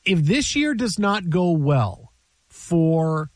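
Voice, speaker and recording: High-voiced, animated man on sports radio. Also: takes it slowly, dry recording. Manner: animated storyteller, laughs, repeats himself. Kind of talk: casual sports radio chat.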